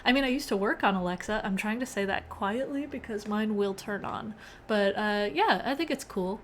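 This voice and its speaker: A woman's voice: medium pitch, moderate pace, slight background noise. A young woman hosting a casual live-coding stream, chatting with viewers and often laughing. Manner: chatty, reads chat aloud, laughs often.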